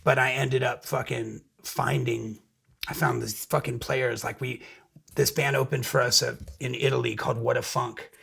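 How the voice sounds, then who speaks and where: A middle-aged man tells his story in a casual interview, swearing freely and restarting his sentences as he goes. His voice is heavily gravelly with a husky, tense edge. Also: medium pitch, moderate pace. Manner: profane, energetic, frequent restarts. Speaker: musician guest.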